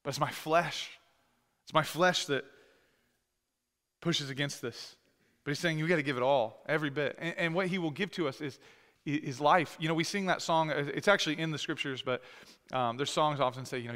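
A male pastor with a fairly high, bright voice preaches in a conversational way. He reads scripture louder and with force. His voice rings with the long reverb of a large hall. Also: brisk. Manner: conversational, rising to loud emphatic scripture reading. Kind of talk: sermon. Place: church sanctuary.

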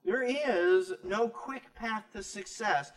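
A man's voice: sits high, slow. A man, a pastor, teaching a Bible sermon in an emphatic, conversational way, full of rhetorical questions. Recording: echoey room, distant mic.

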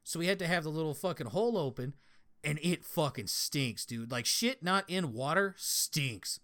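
A young podcast guest from Colorado, a former prison guard, swears freely and laughs as he tells stories in relaxed chat. He speaks at normal speed in a voice on the high side, a bit bright, with lively intonation.

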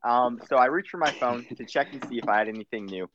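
A young man co-hosting a casual podcast, joking and exaggerating in quick banter. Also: medium pitch, a bit bright, slight background noise. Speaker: podcast co-host. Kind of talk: casual chat. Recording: dry, dull lo-fi home recording.

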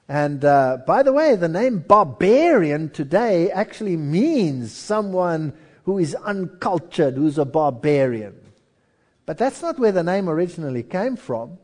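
A man's voice: fairly high pitch, moderate pace. A male preacher delivering a sermon in a storytelling way, acting out voices as he tells history. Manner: storytelling, animated, acts out voices.

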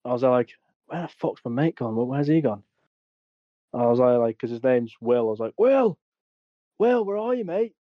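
A man's voice: mid-range voice, steady tone, brisk, dry recording. A young man telling a crude army story on a podcast. He swears a lot and laughs as he talks. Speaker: podcast co-host. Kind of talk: casual storytelling. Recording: dry, dull lo-fi sound.

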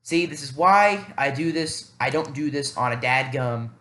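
A man's voice: medium pitch, animated, normal speed, a bit bright, echoey room. A man hosting a casual solo podcast, thinking aloud in a rambling, self-deprecating way with many fillers. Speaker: podcast host.

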